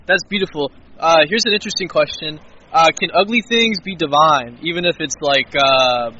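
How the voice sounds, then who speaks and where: A man's voice: fairly high pitch, normal speed, pushed and bright, dull audio, slight background noise. A man casually interviewing someone outdoors, hesitant and full of "uh". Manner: hesitant, many "uh" fillers.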